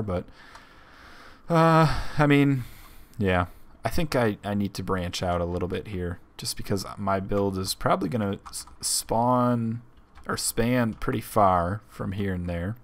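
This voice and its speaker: A young man with the hiccups commentating his game casually, thinking out loud with lots of ums. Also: on the low side, unhurried. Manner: rambling, thinking aloud with many ums. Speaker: let's play host.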